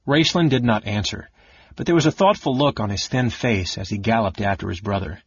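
A man narrating a fantasy novel in a steady, measured reading. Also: on the low side, breathy edge, no room sound, highs cut off. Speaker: audiobook narrator. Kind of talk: scripted narration.

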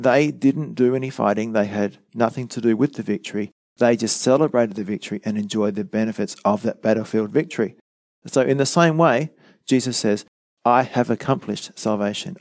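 A man preaches in an earnest, teacherly way, driving each point home with repetition and rhetorical questions. His voice sits at an ordinary middle pitch. It sounds close and dry, with no room echo. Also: moderate pace, darkish tone. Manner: earnest, explanatory, emphatic repetition. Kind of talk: teaching sermon.

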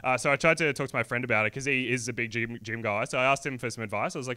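Young comic, rambling self-deprecating stand-up, bright tense delivery. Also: male voice, medium pitch, rapid-fire. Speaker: stand-up comedian. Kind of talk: stand-up comedy set. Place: comedy concert hall stage.

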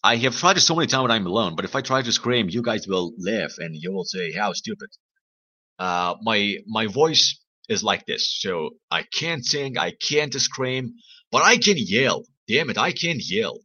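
Chatty man with a bright voice. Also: fairly low pitch, expressive, normal speed, slightly rough, rough recording. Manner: chatty, rambling, teasing questions to viewers. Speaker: livestream host. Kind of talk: casual chat to live viewers.

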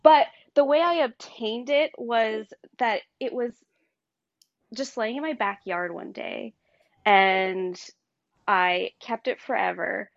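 A woman's voice: a little high, slow, gravelly, dry recording. Giggly woman with dull, dry sound. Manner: rambling with lots of fillers and giggles. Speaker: guest. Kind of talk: casual chat. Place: on her bed.

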